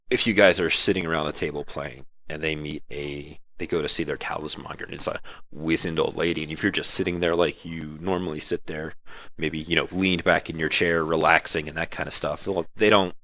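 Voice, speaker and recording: A bass-voiced man with a fairly bright tone gives casual advice as a game master on running tabletop games, rambling and correcting himself as he goes. It's an audio-only recording made at home with no echo but a muffled sound, while his girlfriend watches TV nearby.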